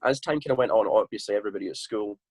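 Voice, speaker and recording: Fast-talking Scottish man with husky low voice. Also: a little mellow, no room sound. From Scotland. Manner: swearing, blunt and laughing. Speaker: podcast guest, musician. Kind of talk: casual podcast chat.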